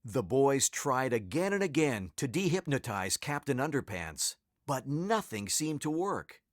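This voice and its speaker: A man narrating a children's storybook aloud in a slow, expressive way. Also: mid-range voice, no room sound, clean studio sound.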